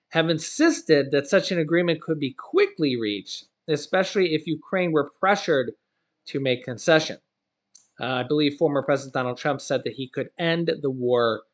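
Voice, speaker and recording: A man reading news stories aloud and breaking off into casual, opinionated asides as a channel host. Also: fairly high pitch. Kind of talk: reading news with personal commentary.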